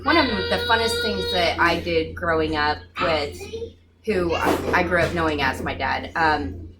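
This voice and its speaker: A woman speaks earnestly, encouraging her listeners in an easy conversational way. Her voice sits a little low. Clear background noise runs underneath. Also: measured pace. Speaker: staff member at a pregnancy center. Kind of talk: casual group chat.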